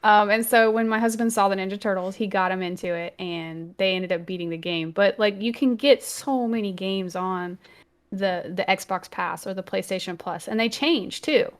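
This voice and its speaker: A woman in her thirties co-hosting a podcast, chatting casually with many "um"s and turning lively when she quotes her family. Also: medium pitch, normal speed. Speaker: podcast co-host. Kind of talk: casual chat.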